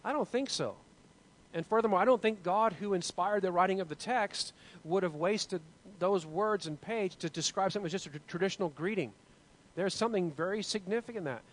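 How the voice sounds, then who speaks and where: A man's voice: high-pitched, fairly quick, low-quality recording. A man leading a group Bible study discussion, talking in an earnest, musing way with many restarts.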